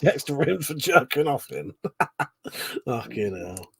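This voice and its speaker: A man's voice: medium pitch, very animated, measured pace, vocal fry, breathy edge, no echo. A man hosting a casual late-night live stream chat, rambling, swearing a lot and laughing often.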